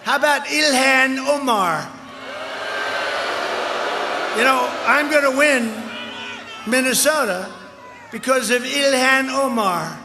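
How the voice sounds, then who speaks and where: An older man giving a campaign rally speech outdoors, boastful and rambling, with punchy repetitions, heard through a loudspeaker. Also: extremely high pitch, takes it slowly, long pauses. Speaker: political candidate. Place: outdoor rally before a large crowd. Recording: echoey outdoor PA with crowd noise.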